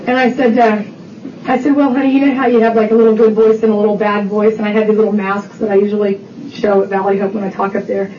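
A woman's voice: medium pitch, little pitch movement, quick pace, dark tone, slight background noise. A middle-aged woman giving a chatty personal testimony at a recovery meeting, full of fillers and acted-out family quotes. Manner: chatty storytelling with many fillers. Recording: roomy distant dull recording.

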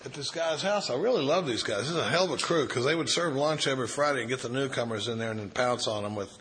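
Middle-aged male recovery speaker, anecdotal and self-deprecating, bright tone. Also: mid-range voice, quick pace. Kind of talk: storytelling talk to a recovery group.

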